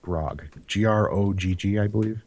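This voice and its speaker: A man's voice: fairly low pitch, normal speed, a little mellow. A man co-hosting a podcast, chatting casually with dry jokes. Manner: wry, joking, laid-back. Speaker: podcast co-host. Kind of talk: casual chat.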